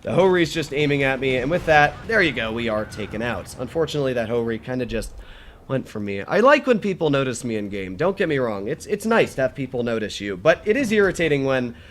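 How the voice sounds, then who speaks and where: A man's voice: medium pitch, sing-song, brisk, a little hiss or hum. A young man giving casual, chatty commentary over his own tank gameplay, correcting himself and humming as he plays. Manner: chatty, self-correcting, hums tunes while playing. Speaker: gaming YouTuber.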